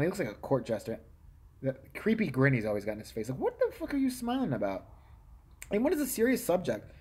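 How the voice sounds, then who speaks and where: A husky man with a medium-pitched voice rants on his live stream, heated and full of swearing. He shifts between loud, high outbursts and low, muttered asides. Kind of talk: casual ranting monologue.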